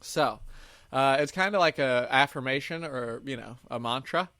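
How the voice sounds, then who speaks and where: Young male podcast host, bright dry voice, loose rambling chat with frequent laughs. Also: medium pitch, moderate pace, no echo. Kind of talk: casual chat.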